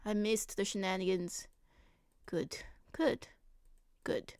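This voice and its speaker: A woman's voice: mid-range voice, takes it slowly, a little mellow, smooth, no room sound, clean studio sound. A young woman streamer chatting casually with her viewers, giggling often between phrases. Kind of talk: casual live-stream chat.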